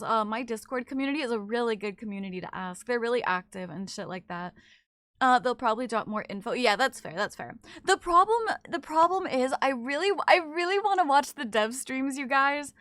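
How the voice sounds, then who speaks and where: A young adult woman streaming games, chatting casually and reading her chat aloud in quick, excited bursts. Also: a little high, dry recording. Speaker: game streamer.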